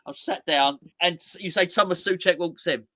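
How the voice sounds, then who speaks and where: A man's voice: high voice, moderate pace, pushed and bright. A man co-hosting a casual football chat, rambling and playful with lots of restarts. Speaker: co-host.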